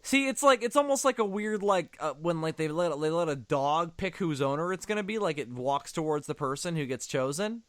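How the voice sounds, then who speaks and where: A man's voice: fairly high pitch, animated, a little fast, few pauses, fairly bright tone, dry recording. A man giving casual, sarcastic commentary on a movie, swearing often.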